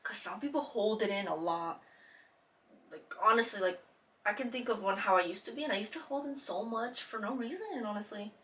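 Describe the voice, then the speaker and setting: Young woman being frank on a podcast, bright voice, a bit far from the mic. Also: medium pitch, lively intonation, a little fast. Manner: supportive, frank, lots of listening sounds. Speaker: podcast co-host. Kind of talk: casual chat.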